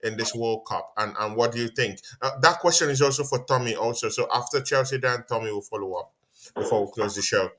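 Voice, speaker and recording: A man's voice: medium pitch, fairly quick, a bit bright. A man hosting a live watch-along stream, chatting casually and teasing his guests with lots of laughter. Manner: laughs a lot, teasing banter.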